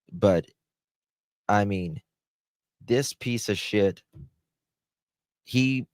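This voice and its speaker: A man's voice: lowish voice, no echo, clean studio sound. A man giving angry, profane, sarcastic commentary on case documents as a true crime host.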